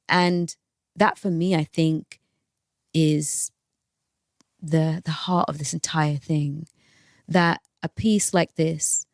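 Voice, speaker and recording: A woman actor interviewed on a press tour, answering thoughtfully and haltingly as she searches for words. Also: low voice, dry recording, studio quality.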